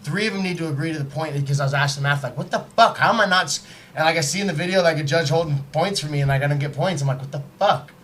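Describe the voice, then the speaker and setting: A man spins a wild story in loose, swearing podcast talk, acting out every line he quotes. His voice sits a bit high and sounds bright and forceful. A faint hiss runs underneath. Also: very fast. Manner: animated, profane, acts out quotes. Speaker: podcast guest telling a story. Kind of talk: casual storytelling. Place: podcast studio, live.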